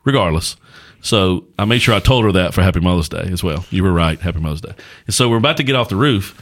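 A man's voice: sits low, animated, fast. A middle-aged man, a pastor hosting a podcast, telling a folksy story in casual chat.

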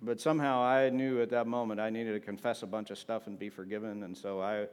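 A pastor preaching with casual humor. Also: male voice, fairly low pitch, flat delivery, fairly quick, clear, resonant tone. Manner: conversational preaching with humor, asking the congregation for amens. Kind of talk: sermon.

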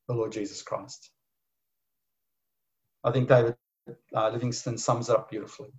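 A man preaching a sermon with passion, swinging from loud pleading to hushed tones. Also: medium pitch, normal speed, gravelly, long pauses. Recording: dull lo-fi sound.

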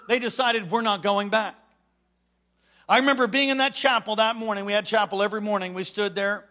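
Bright-voiced storytelling preacher, a man. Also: high voice. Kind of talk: sermon.

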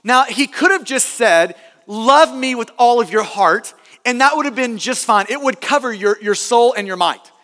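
Guy pastor preaching, super high bright voice, big echoey church hall, keeps repeating stuff to hammer it home. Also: lively intonation, moderate pace. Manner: earnest, emphatic, repeats words and restarts. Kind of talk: sermon.

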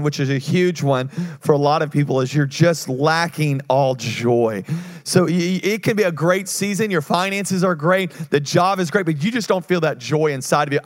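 Guy preaching, fairly high voice, lots of energy, stumbles and restarts, gets the crowd to shout back. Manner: energetic preaching with call-and-response and frequent restarts. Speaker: pastor. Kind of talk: sermon.

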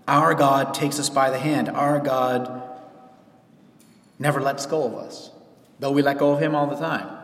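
Conversational pastor in echoey church. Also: male voice, mid-range voice. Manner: conversational, animated, with quoted asides. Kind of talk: sermon. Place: church sanctuary.

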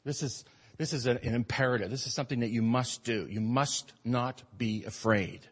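A man preaching a sermon as pastor, emphatic, swinging between loud urgent passages and quiet earnest ones. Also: mid-range voice, fairly even intonation, normal speed, breathy edge, long reverb tail. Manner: emphatic preaching, rising and falling in force.

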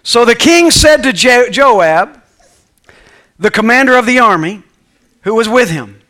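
A man's voice: extremely high pitch, expressive, unhurried, long pauses, sharp tone. A male pastor preaching a sermon to a congregation, reading scripture aloud and calling for responses. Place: church sanctuary with congregation.

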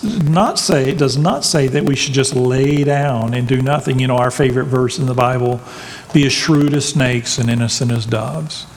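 A man's voice: mid-range voice, in a large hall, a little hiss or hum. A man preaching a sermon in a conversational, folksy way with humorous asides. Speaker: pastor.

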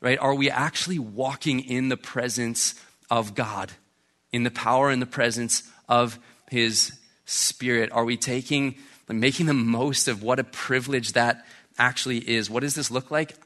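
A man's voice: mid-range voice, steady tone, moderate pace, bright, forceful tone. A man, a pastor, preaching a sermon in a conversational way and often checking in with "right?". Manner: conversational, keeps asking "right?".

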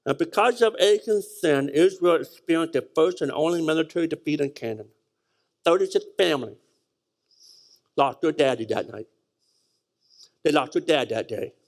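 A man's voice: fairly high pitch, lively intonation, moderate pace, pauses often. A man preaching a sermon, reading scripture aloud and stressing points with repeated words and sudden rises and drops. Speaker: pastor.

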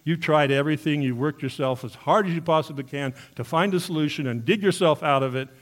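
A man's voice: a little high, a little fast. Earnest male pastor preaching a sermon. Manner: earnest, asks the congregation questions.

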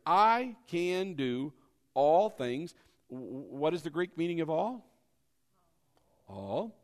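A pastor preaching a sermon, leading the congregation in call-and-response and acting out doubting voices in a low mumble. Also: male voice.

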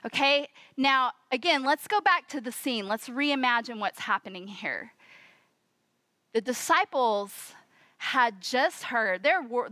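A woman preaches a sermon in a bright voice that sits a little high. She is expressive and acts out the quoted voices as she tells the story. The sound is close and dry. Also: no room sound.

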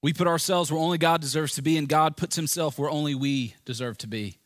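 A man's voice: fairly high pitch, fast, fairly bright tone, no echo, studio quality. A man preaching a sermon in an earnest, conversational way, telling vivid stories. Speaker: pastor.

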